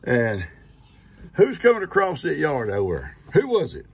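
An older man, a grandfather teasing his grandchild in a folksy, unhurried way while outdoors on a farm. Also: fairly high pitch, huge pitch swings, husky. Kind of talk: casual chat with a grandchild. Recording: noisy outdoor recording with vehicle sounds.

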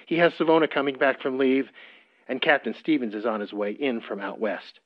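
A man's voice: mid-range voice, lively intonation, a little fast, close to an everyday voice. A man voicing a curt, businesslike male office staffer on a phone call.

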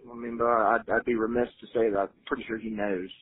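A young man speaks quickly on a recorded phone call, frustrated and defensive, swearing freely. His voice is husky. The line is thin and tinny like a phone. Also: lowish voice, level tone. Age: young adult. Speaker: son on a jail phone call.

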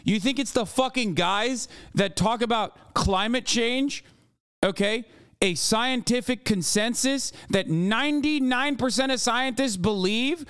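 A high-pitched man rants through a livestream reaction, swearing freely and dripping with sarcasm. His voice comes across smooth and clean, close and dry with no room sound. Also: lively intonation, unhurried, fairly bright tone, no echo. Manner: profane, ranting, sarcastic. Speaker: streamer reacting to a debate clip. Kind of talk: heated livestream reaction commentary.

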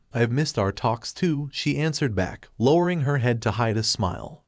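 A man narrating a fan fiction story with a steady, even reading delivery. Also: medium pitch, no echo, studio quality.

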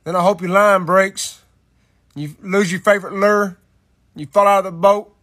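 A man's voice: high-pitched, fairly even intonation, normal speed, a bit bright, pitched below the performer's own voice. A man voicing a passive-aggressive male friend leaving a wounded voicemail about being left out of a fishing trip.

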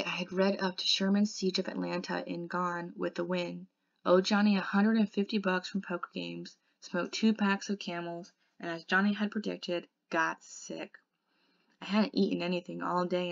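Low, gravelly woman reading a novel. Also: no room sound, muffled recording. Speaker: tutor reading a novel aloud. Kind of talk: audiobook reading, first-person narration.

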